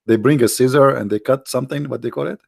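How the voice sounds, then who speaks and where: A man's voice: mid-range voice, quick pace, creaky, darkish tone, slightly rough, no echo, clean studio sound. A man from the Arab world with an Arabic accent, hosting a casual commentary in a mocking, sarcastic manner. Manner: mocking, sarcastic, jumps into voices. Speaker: host.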